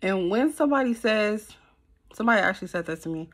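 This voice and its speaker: A young woman telling a personal story to camera in a casual, slangy, animated way. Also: medium pitch, fast talker. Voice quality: animated, slangy and conversational, with many fillers. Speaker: storytime vlogger.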